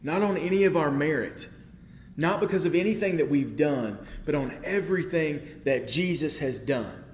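A man's voice: on the high side, expressive, normal speed, roomy sound, slight background noise. A man preaching a sermon in a conversational way, often checking in with the listeners and building to emphatic peaks.

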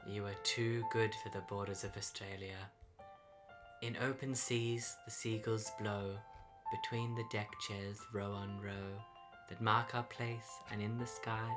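Man voicing furry creature poet, melodramatic, halting mumble, music bed. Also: on the low side, steady tone, lightly acted. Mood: solemn. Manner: mumbling, halting with ums, then panicked yelling. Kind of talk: improvised comedy radio sketch. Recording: music playing behind.

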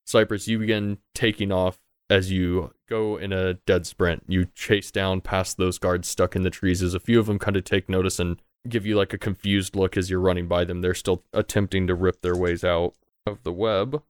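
A man narrating as game master of a tabletop role-playing game, in a loose, relaxed way with fillers. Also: deep voice, moderate pace, clean tone, dry recording.

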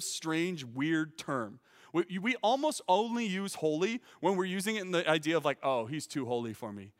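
Earnest and emphatic, a teaching pastor delivers a sermon, frequently repeating words at the start of phrases and rising to loud peaks. His voice sits high, and the sound is that of a big room.

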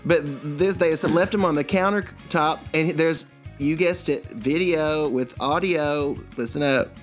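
A man's voice: fairly high pitch, unhurried, soft background music. Joking man co-hosting a comedy podcast. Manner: joking, rambling, crude. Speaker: podcast co-host. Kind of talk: comedic casual chat.

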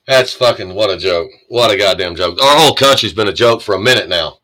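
Reading the news, an American commentator launches into a sarcastic, furious rant full of profanity about politics. His lowish voice is bright and forceful, moving fairly quickly, on a rough recording.

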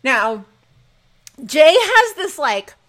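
A woman co-hosting a casual fan chat, gushing and animated, swearing casually. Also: high-pitched, extremely slow. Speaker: podcast co-host.

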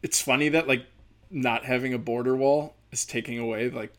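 A man's voice: mid-range voice, steady tone, normal speed, a bit bright. A man, a stand-up comedian with a speech impediment, riffing in a rambling, profane podcast monologue. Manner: rambling, profane, many fillers.

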